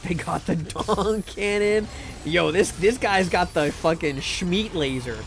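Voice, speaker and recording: Slow and high-pitched, a man talks through a live game stream, joking, reading chat, and frequently repeating his words. Slight background noise sits under his voice.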